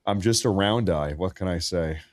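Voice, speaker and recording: A man's voice: sits low, normal speed, a little mellow, no room sound. An American man hosting a livestream, giving casual news commentary in a blunt, crude, joking way. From United States. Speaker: livestream host.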